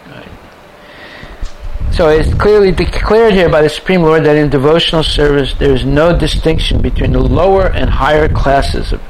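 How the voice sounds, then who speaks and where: A man's voice: a little high, a little hiss or hum, low-quality recording. A man giving a scripture lecture to a class, reciting verses and driving his points home with repeated rhetorical questions. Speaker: spiritual teacher giving a class.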